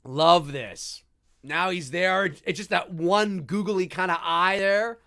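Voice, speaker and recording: A man hosting a live movie commentary, talking in an animated, enthusiastic and rambling way. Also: sits high, takes it slowly, gravelly. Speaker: host.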